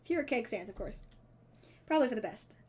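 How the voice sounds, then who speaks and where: A woman's voice: a little high, lively intonation, fairly quick, darkish tone, close to an everyday voice. Laid-back jock dad, read by a woman; easygoing and jokey. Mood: nostalgic.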